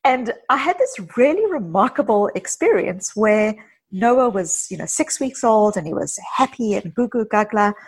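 A woman psychologist, a guest in an interview, talking earnestly and telling personal stories with quick asides. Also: medium pitch, expressive, husky. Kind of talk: casual interview conversation.

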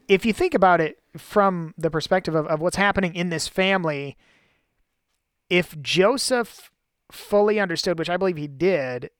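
A man's voice: a little high, fairly bright tone, smooth, no echo, clean studio sound. A man co-hosting a casual Bible study, explaining passages thoughtfully at length.

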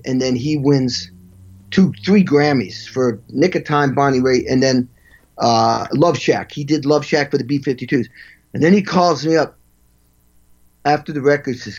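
A man in an interview telling animated stories as a session drummer, acting out quotes and vocalizing drum parts. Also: on the high side, muffled recording. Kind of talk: storytelling interview.

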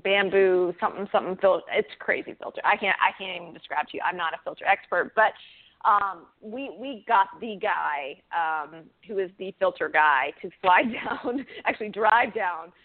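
A woman's voice: mid-range voice, moderate pace. Chatty woman on a tinny line. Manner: chatty, laughs often, many fillers and restarts. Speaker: guest, author. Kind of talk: casual interview talk. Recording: phone-like band-limited audio.

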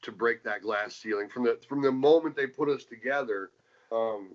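A man and former wrestler, telling stories from his career in a casual interview, rambling with many restarts and fillers and getting animated as he retells things. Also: medium pitch, normal speed. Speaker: former pro wrestler, guest. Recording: dull lo-fi sound.

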